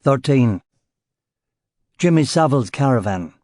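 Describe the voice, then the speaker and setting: A man's voice: medium pitch, lively intonation, a little slow, a little mellow, no room sound, studio quality. Terse male audiobook narrator. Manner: clipped, terse phrasing. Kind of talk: first-person detective novel reading.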